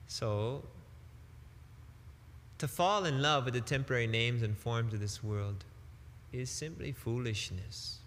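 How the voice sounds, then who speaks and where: Guy giving a slow emphatic sermon, plain middle voice, lots of hall echo. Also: mid-range voice, a bit bright, slight background noise. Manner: deliberate, emphatic preaching with casual phrasing. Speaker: spiritual teacher. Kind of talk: devotional sermon.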